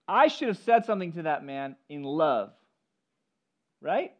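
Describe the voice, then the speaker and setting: A man's voice: fairly high pitch, big pitch swings, measured pace, long pauses, muffled recording. A man preaching a sermon, telling stories and speaking directly to the congregation and its children. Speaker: pastor. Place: church service.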